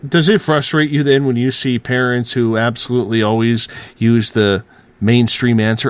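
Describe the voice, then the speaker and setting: Flat-toned male radio host. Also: mid-range voice, normal speed, no room sound. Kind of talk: interview question.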